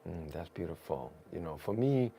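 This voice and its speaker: Guy with a low raspy gravelly voice, animated storyteller, encouraging. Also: normal speed. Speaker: guest. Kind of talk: casual conversation.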